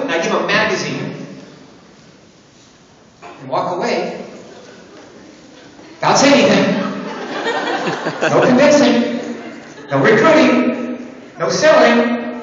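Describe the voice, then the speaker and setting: Man, very high voice, playful motivational speaker, distant and boomy hall recording, muffled. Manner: playful, joking, animated, teasing the audience. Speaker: motivational speaker at a sales event. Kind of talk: lively motivational seminar talk. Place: large hall with an audience. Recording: echoey hall, distant mic, muffled, noisy.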